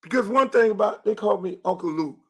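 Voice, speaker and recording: A middle-aged man holds forth in a heated, profane monologue. His voice sits high for a man and often climbs into shouting. He talks as the host of his own show. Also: expressive, fairly quick, husky. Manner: angry, profane, rising to shouts. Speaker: show host and youth football coach.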